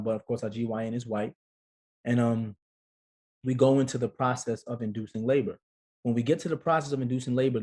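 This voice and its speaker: Animated man telling a story. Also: medium pitch. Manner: animated storyteller, acts out quotes. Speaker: guest, actor and father. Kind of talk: casual storytelling interview.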